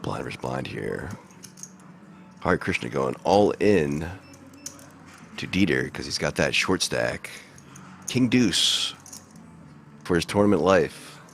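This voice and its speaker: A man calling live poker hands in a relaxed, joking play-by-play style. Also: extremely low pitch, slow, gravelly, pauses often, slight background noise. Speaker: poker commentator.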